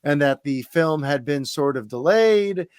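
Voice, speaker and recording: A man's voice: fairly high pitch, lively intonation, measured pace, clear, resonant tone, no room sound, studio quality. A man hosting a podcast in casual chat, steering topics with wry asides. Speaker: podcast host.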